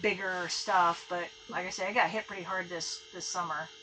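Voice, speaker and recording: A woman's voice: lowish voice, fairly even intonation, normal speed, bright, forceful tone, a little hiss or hum, rough recording. A woman chatting casually and laughing easily while ice fishing outdoors on a frozen lake. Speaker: angler on an ice fishing trip.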